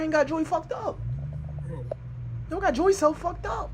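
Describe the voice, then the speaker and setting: A man hosting a reaction video, talking casually and yelling excitedly at what he watches. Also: very high-pitched, measured pace, a little hiss or hum. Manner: excitable, yells at the clips, heavy swearing. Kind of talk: casual profane reaction commentary.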